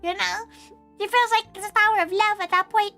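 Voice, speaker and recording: Woman, stream host, very high voice, bright, giggly, third-person talk. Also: steady tone, a little fast, soft background music. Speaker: vtuber host. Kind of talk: casual chat.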